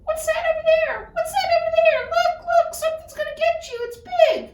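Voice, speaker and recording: Woman putting on a tricky little leprechaun, very high and squeaky, sly, frantic, roomy echo, voice off-mic. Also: a little fast, a little mellow, distant mic.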